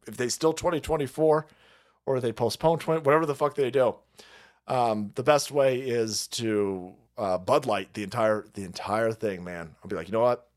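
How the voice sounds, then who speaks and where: A man's voice: medium pitch, normal speed. A middle-aged man hosting a livestream, ranting in a profane, rambling and mocking way and thanking viewers for donations. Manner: foul-mouthed, rambling, mocking; reads donor messages aloud. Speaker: livestream host. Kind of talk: profane political rant and chat reading.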